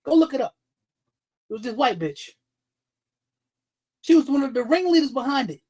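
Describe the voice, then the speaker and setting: A man's voice: extremely high pitch, sing-song, normal speed, a little mellow, rough recording. A man hosts a livestream commentary, talking straight into the mic. He is blunt and heated, swears often and stops to greet viewers in chat by name. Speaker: livestream host.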